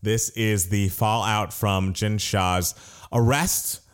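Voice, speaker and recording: Animated man recapping reality TV. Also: on the low side, slow, clear, resonant tone. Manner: animated storytelling with casual swearing. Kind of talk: casual chat recapping reality TV.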